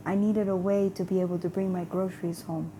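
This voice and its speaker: A woman's voice: lowish voice, level tone, a little fast, mellow, a little hiss or hum. A woman vlogger telling a rambling everyday story about her faith, acting out both sides of a conversation and often repeating words.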